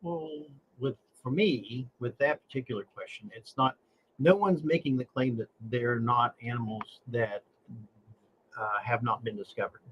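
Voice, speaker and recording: A man appearing as a podcast guest, chatting casually and explaining his points in a measured, deliberate way. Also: medium pitch, a bit bright, slight background noise, low-quality recording. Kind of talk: casual chat.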